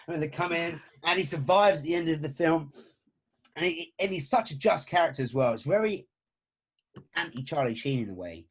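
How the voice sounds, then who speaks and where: A man from England co-hosting a casual podcast, animated and jokey. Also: fairly high pitch, husky. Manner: animated, jokey, quick to laugh. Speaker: podcast co-host. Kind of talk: casual chat.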